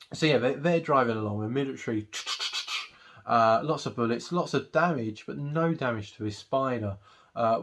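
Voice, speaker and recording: A man giving a casual movie review, recapping the plot in a rambling way with lots of ums and uhs. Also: medium pitch. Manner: rambling recap with many fillers. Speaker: film reviewer.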